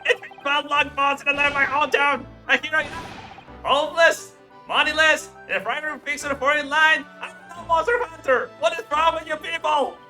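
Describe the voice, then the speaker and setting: A man's voice: very high voice, steady tone, fairly quick, faint music behind, pitched above the performer's own voice, full character voice. Man putting on a boastful flamboyant young student. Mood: dramatic. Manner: theatrical, boastful, loud bursts. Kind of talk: fan voice-over of a game on stream.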